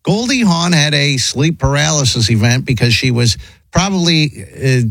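A man hosts a talk show and makes his points bluntly and emphatically, dismissing what he hears as ridiculous. His pitch swings widely as he speaks, and the close mic keeps his voice dry. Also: animated, moderate pace, fairly bright tone, no room sound, poor audio. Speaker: podcast host. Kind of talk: opinionated commentary.

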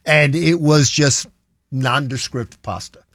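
A man's voice: mid-range voice, takes it slowly, fairly bright tone, no room sound, studio quality. A man co-hosting talk radio, easygoing and rambling, often repeating himself. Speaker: radio co-host. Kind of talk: casual talk radio banter. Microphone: studio microphone.

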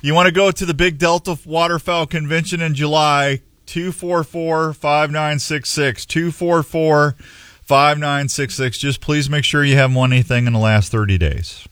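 A man's voice: fairly high pitch, fairly even intonation, normal speed, fairly bright tone, dry recording, studio quality. A man hosting a radio show in casual chat, joking and opinionated.

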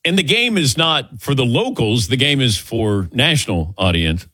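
Brief: male sports talk host, animated and chatty, dry close mic. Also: medium pitch, moderate pace, slightly rough, no room sound. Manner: chatty, laughs easily, animated delivery.

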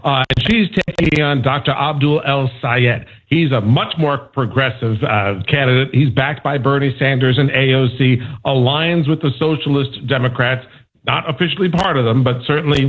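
A man's voice: medium pitch, normal speed. A man, a national correspondent, talking through politics on a morning radio news show in a conversational way with many fillers and restarts. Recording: tinny phone line.

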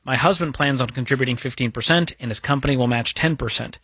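A man's voice: mid-range voice, fast, a bit bright, slightly rough, no room sound. A man co-hosting a call-in money advice show, chatty and upbeat, with a folksy way of giving advice. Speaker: radio advice show co-host. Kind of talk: casual call-in advice chat.

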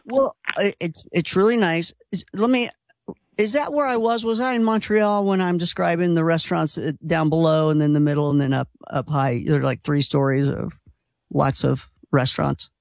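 High-voiced chatty male radio host. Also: fairly even intonation, normal speed, gravelly, dry recording, clean studio sound. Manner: chatty, enthusiastic. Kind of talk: call-in radio chat.

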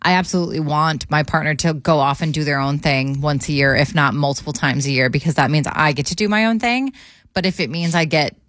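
Deep-voiced frank woman radio co-host. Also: fairly quick, a bit bright, no room sound, clean studio sound. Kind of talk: casual radio banter.

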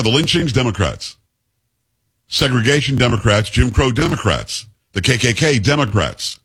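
Talk radio host, man, husky voice, emphatic and punchy. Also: mid-range voice, a bit bright. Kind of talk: political talk radio monologue.

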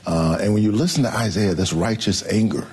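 Deep husky preacher-like man. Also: a little fast, a little mellow. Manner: preacherly cadence, quotes scripture, frequent um and uh. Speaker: senator and pastor, interview guest. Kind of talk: reflective interview answer.

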